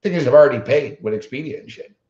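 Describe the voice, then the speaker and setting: Man, show host, profane storytelling rant, blunt and combative, mid-pitched, echoey room, dull lo-fi sound. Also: lively intonation, fast talker, darkish tone. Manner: heavy swearing, blunt and combative. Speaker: sports betting show host.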